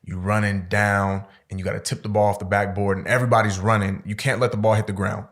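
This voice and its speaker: A man from Stockton, California, guest on a podcast, telling stories in a casual, profane, slangy, animated way. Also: fairly low pitch, fast talker. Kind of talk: casual storytelling interview.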